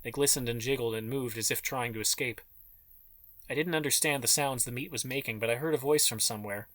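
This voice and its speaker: Bright-voiced male audiobook narrator. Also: medium pitch, a little fast, no echo. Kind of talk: scripted narration.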